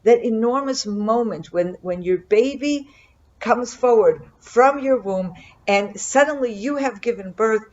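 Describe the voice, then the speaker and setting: A middle-aged woman gives an earnest, reflective Torah commentary, often pausing and restarting her sentences. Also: a little high, a little mellow, dull audio. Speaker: Bible teacher.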